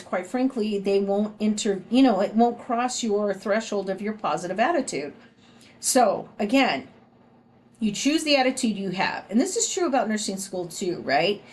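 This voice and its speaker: This nursing instructor, a middle-aged Southern US woman, speaks at medium pitch over a little hiss or hum. Her recorded lecture feels like conversation, with "right?" added to many of her points.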